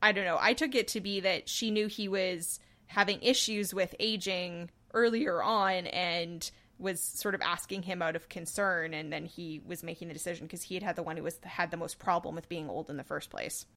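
A woman's voice: fairly low pitch, fairly even intonation, moderate pace, few pauses, sharp tone. A woman co-hosting a podcast, chatting casually about episodes, joking and laughing often. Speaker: podcast co-host. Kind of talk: casual discussion.

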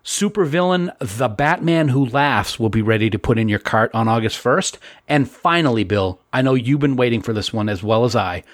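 A man's voice: mid-range voice, moderate pace, hardly any pauses, dry recording. A man with a mid-range voice co-hosts a casual podcast in a playful, upbeat way. His voice is recorded dry and up close. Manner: playful, enthusiastic. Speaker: podcast co-host.

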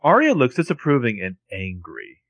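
Animated male podcast co-host. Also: mid-range voice, moderate pace, no room sound. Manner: animated, acts out characters' lines in a raised voice. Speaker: podcast co-host recapping a TV episode. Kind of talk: casual chat.

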